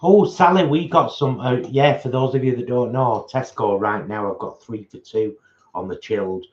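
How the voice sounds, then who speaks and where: A man's voice: medium pitch, moderate pace. A man co-hosting a casual livestream, playful and jokey while reading out viewer comments. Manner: playful, jokey, tries out silly accents. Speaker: co-host of a vegan livestream. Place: home, at a table while eating. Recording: echoey room, slightly dull sound.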